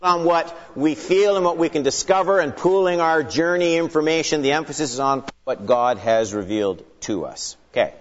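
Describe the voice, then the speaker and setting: A man's voice: on the high side, normal speed, hardly any pauses. Man, Bible teacher; earnest and emphatic with dry asides; long hall echo, muffled lo-fi recording. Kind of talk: teaching lecture opened with prayer. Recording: long hall reverb, dull lo-fi sound.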